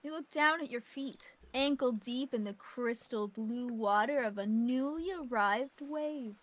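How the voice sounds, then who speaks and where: A woman's voice: fairly high pitch, measured pace. A woman streamer reading a game's narration aloud in a dramatic, playful way while chatting with a friend. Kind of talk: reading game narration with chat.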